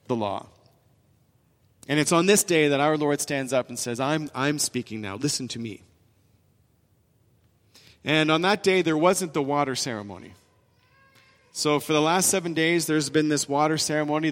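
A man preaching a sermon, with emphatic rises and soft drops in his delivery. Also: fairly high pitch. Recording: long reverb in a large hall.

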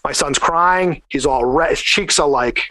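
A man with a slightly higher voice tells a long story in a casual, animated way, filling his talk with "like". The sound is dry and close, with no room around it. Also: measured pace, no room sound. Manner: rambling, animated, lots of "like" fillers. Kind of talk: casual anecdote.

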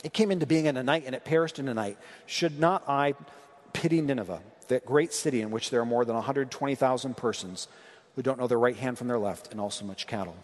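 A man's voice: mid-range voice, quick pace. A man preaching a sermon in a conversational way, reading scripture and asking the congregation questions. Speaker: pastor. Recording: long hall reverb.

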